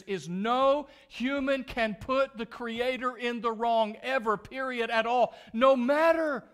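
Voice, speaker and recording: Man, high voice, church sermon, pastor, reads scripture then explains it, emphatic. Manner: emphatic, with loud stressed words and asides.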